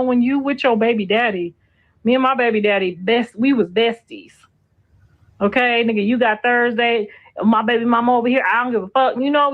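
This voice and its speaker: A woman's voice: a little high, narrow, tinny audio. Blunt, profane middle-aged woman. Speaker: host. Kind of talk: casual gossip livestream.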